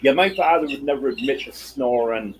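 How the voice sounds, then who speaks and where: A man hosting a casual live stream from his homestead, hoarse as his voice gives out, telling folksy stories and answering chat. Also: medium pitch, brisk, slight background noise, rough recording. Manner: folksy storytelling, replies to chat. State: voice giving out, hoarse. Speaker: livestream host.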